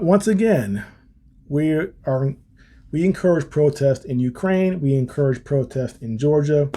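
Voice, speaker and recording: Man, podcast host, mid-pitched, dark mellow tone, casual commentary, halting with fillers. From United States. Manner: casual, frequent ums and restarts, wry asides. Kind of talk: reading aloud and commenting on a policy paper.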